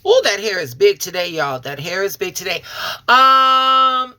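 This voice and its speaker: A Chicago woman who hosts a tarot and oracle reading channel chats straight to the camera in a folksy, casual way, calling her viewers y'all and honey. Her medium-pitched voice is very animated yet unhurried, and she comes across warm and sincere.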